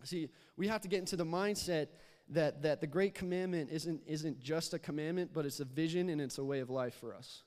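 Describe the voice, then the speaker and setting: A young man delivers a sermon in a fairly high voice, chatty and loose, stumbling over repeated words and coaxing the congregation to respond. His voice carries a long reverb tail from the church sanctuary. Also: brisk, hardly any pauses, a little mellow. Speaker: youth pastor.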